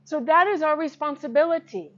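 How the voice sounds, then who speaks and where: A woman's voice: high voice, a little fast, dull audio. A woman giving an informal, earnest sermon to camera, emphatic and laughing often. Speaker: Christian teacher.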